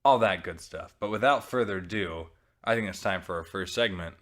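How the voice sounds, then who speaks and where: A man's voice: low-pitched, brisk, a bit bright. A man hosting a podcast in casual chat, rambling and correcting himself as he runs through upbeat plugs. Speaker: podcast host.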